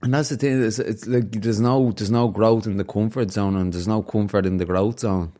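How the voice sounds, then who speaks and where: A man's voice: lowish voice, steady tone, normal speed, mellow. A man hosting a casual podcast, reflective and fond of telling stories. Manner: storytelling, upbeat and reflective. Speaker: podcast host.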